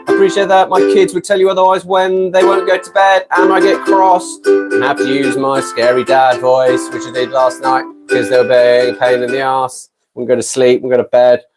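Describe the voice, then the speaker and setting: A British man in his fifties chatting casually on a live stream from his garden shed, rambling and self-deprecating between ukulele songs. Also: mid-range voice. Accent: British English. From Britain. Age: 50s. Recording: ukulele strumming under the voice. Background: ukulele playing.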